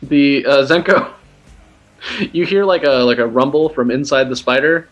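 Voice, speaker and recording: A man's voice: mid-range voice, moderate pace, a bit bright, faint music behind. A man narrating as game master of a tabletop game, rambling with many fillers and laughing as he goes.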